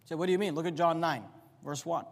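A man preaching with a notably high voice, the words ringing out through a long, reverberant hall. He swells loud on key points, drops to a near-mutter for sarcastic asides, and slows right down to land a line. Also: gravelly. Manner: preacher's animated delivery, rising loud on emphasis and dropping low for asides. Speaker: pastor. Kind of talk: sermon.

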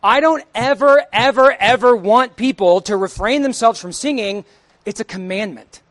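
A young man, a church song leader, preaching a sermon in a plain conversational way that builds to emphatic, nearly shouted points. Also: very high voice, normal speed, dry recording. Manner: emphatic, rising to near-shouts; conversational, jokes with the congregation. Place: church sanctuary.

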